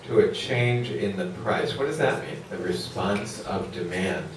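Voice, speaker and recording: A lower-voiced man lecturing a class in a big echoey hall, picked up from far off. He rambles loosely and keeps questioning the students, with plenty of fillers. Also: unhurried, slight background noise. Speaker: economics lecturer.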